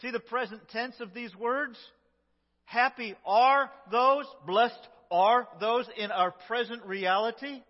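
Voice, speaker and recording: A man preaching a sermon as pastor, his delivery emphatic and swinging between loud lines and hushed ones. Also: extremely high pitch, unhurried, hardly any pauses. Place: church sanctuary. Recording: lo-fi echoey church recording.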